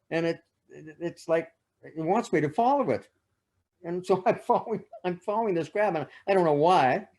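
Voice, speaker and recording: A man's voice: high-pitched, a little mellow. A man speaking as a guest speaker, telling personal stories in a chatty, anecdotal way and often checking in with his listeners. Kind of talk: personal storytelling talk.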